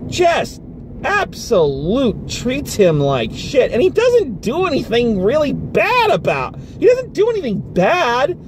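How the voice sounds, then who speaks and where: A man's voice: very high-pitched, wildly swooping pitch, slow, background noise. A man giving a casual spoken movie review from inside a car, ranting with exasperation and swearing freely. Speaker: film reviewer.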